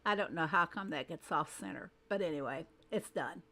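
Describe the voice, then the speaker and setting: A woman's voice: deep voice, brisk, a bit bright. A woman hosting a casual game livestream, greeting viewers one by one by name and thinking aloud as she adjusts her screen. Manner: thinks aloud while fiddling with settings.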